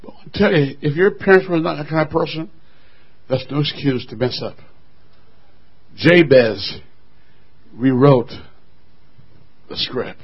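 Husky high-voiced male preacher. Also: unhurried, pauses often, lo-fi sound. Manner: call-and-response, rising to shouting. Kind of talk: sermon.

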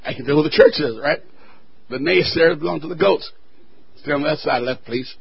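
A male pastor preaching a fiery sermon with call-and-response, building to shouted refrains. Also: fairly high pitch, moderate pace, gravelly, breathy edge, rough recording.

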